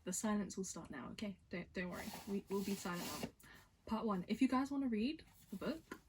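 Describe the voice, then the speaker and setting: With background noise behind her, a woman reads a novel aloud for her vlog in an expressive, medium-pitched voice that runs slightly fast. It's a casual read-aloud where she stumbles, giggles, and cuts herself off to chat.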